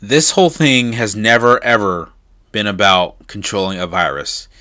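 A man's voice: lowish voice, moderate pace, bright, forceful tone, no room sound, studio quality. A man delivering an emphatic opinion monologue as a political commentator, insistent and punctuating points with a pressing "okay?". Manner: emphatic, repeats "okay?" for stress; insistent, rising in intensity.

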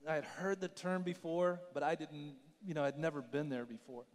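A man's voice: fairly high pitch, fairly even intonation, moderate pace, big-room sound. A middle-aged man preaching a sermon as a pastor, telling a personal story in a conversational way and asking the audience questions.

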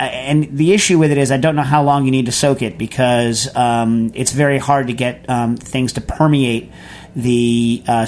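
A man hosting a food radio show, answering a listener's question in a rambling, chatty way full of fillers and restarts. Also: mid-range voice. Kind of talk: casual call-in answering.

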